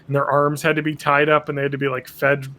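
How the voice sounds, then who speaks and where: A man's voice: fairly high pitch, completely flat delivery, fast, sharp tone. A man casually chatting as a podcast host, rambling with crude jokes and acting out quotes. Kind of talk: casual chat recapping a cartoon episode.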